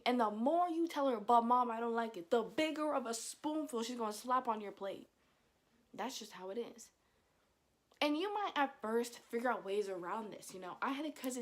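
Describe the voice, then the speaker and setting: A young woman with a Dominican family background, telling comic stories to camera in a casual vlog, mimicking her mother's scolding and getting loud at the punchlines. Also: on the high side, lively intonation, moderate pace. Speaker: vlogger. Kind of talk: casual comedic storytelling to camera.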